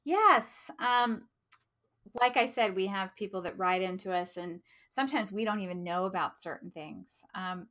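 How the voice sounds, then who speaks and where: A woman's voice: mid-range voice, fairly bright tone. An American woman co-hosting a podcast in a bubbly, chatty way, laughing often. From United States. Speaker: podcast co-host. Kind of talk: casual podcast chat.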